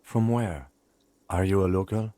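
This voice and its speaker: A calm, dry-witted cop. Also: male voice, low-pitched, dry recording. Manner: composed, measured, dry. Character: calm, dry-witted male police lieutenant. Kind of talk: video game voice acting.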